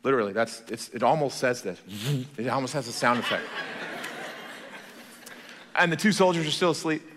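A male pastor preaching a sermon in a church, telling the story in a playful, animated way. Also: medium pitch, moderate pace, big-room sound, slight background noise.

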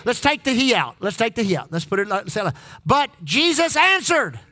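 A man preaching a sermon, leading the congregation in call-and-response and repeating key lines, shifting between loud emphasis and low asides. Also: lively intonation, fast, no echo. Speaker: pastor.

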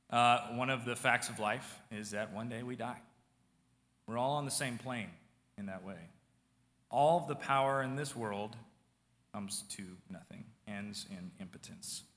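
Pastor, male; casual sermon delivery that drops from loud to near-quiet; bright tone, reverberant hall. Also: on the low side. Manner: conversational preaching, swings from loud to hushed.

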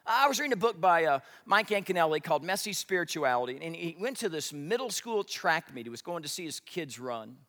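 Guy preaching a sermon, bright tense voice, long echo like a big hall. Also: on the high side, fairly quick, few pauses. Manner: animated storytelling, acts out congregants' voices. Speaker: pastor.

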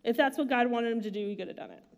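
A woman's voice: a little high, racing, gravelly. Casual, chatty woman preaching a sermon. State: emotional, near tears. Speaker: pastor.

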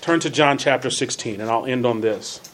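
An earnest church Bible class teacher reads scripture slowly, stressing words and repeating phrases for emphasis. He has a fairly bright, mid-range voice, and there's a little hiss or hum.

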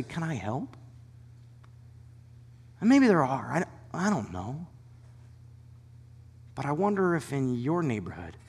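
Pastor preaching in a reverberant hall. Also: male voice, on the high side, husky. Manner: dynamic preaching, dropping to hushed whispers for emphasis; animated storytelling with quick asides. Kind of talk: sermon.

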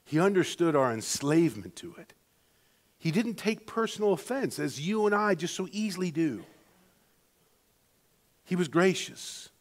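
A man pastor preaching a sermon in an earnest manner, moving between quiet stretches and emphatic ones, often restarting his phrases. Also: a little high, sing-song, moderate pace, pauses often.

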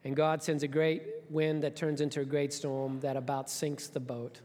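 High-voiced preacher in an echoing hall. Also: male voice, moderate pace. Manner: storytelling, animated, conversational asides. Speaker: pastor. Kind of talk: sermon.

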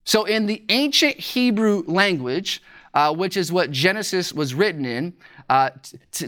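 A preacher teaching a sermon from scripture, slowing down to stress key words and asking rhetorical questions. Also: mid-range voice, fairly bright tone. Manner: deliberate, slows for emphasis on key words.

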